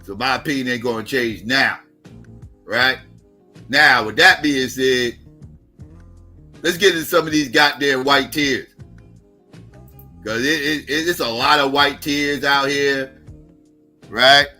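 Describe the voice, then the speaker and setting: A man hosting a livestream, ranting in a loud, mocking, heavily profane way. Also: mid-range voice, slow pace, long pauses, soft background music. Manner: heavy cursing, mocking, loud bursts. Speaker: livestream host. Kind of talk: profane political rant.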